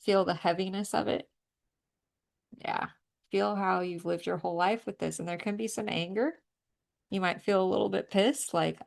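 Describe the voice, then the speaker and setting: A woman leading a group energy clearing session, coaching listeners through breathing and tapping with emphatic, outspoken encouragement and the occasional swear word. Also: mid-range voice, fairly even intonation, normal speed. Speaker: energy healing facilitator.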